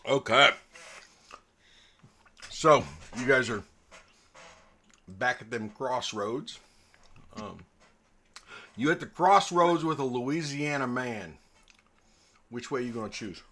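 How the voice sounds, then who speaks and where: A man's voice: mid-range voice, expressive, takes it slowly, pauses often, sharp tone. A man running a tabletop game as dungeon master, telling stories with laughter and casual swearing.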